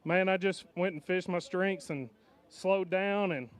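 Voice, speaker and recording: Man, pro angler, high smooth voice, thankful, halting with fillers. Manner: grateful, halting, many fillers. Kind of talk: post-weigh-in interview.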